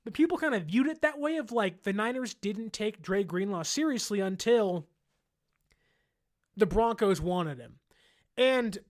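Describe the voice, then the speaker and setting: A man's voice: high voice, lively intonation, a little slow. Chatty male sports podcast host. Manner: chatty, laughs often, mimics fans in exaggerated voices. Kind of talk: casual sports talk.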